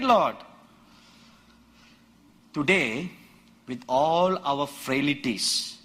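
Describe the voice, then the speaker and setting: A man preaching a sermon, acting out biblical quotes and building to loud, shouted emphasis, with a husky voice. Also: a little high, slight background noise. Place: church or conference hall.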